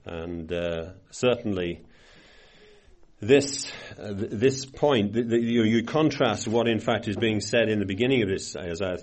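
A man's voice: on the low side, measured pace. Older man preaching through scripture. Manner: reads scripture aloud with rising emphasis, then comments conversationally with restarts. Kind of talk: Bible study sermon.

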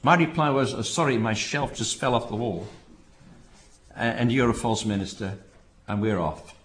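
A man preaching a sermon in an earnest way, often repeating words and rising to emphatic calls to hold fast. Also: medium pitch, fairly bright tone, a little hiss or hum. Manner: earnest, repeats phrases, rises to emphatic exhortation.

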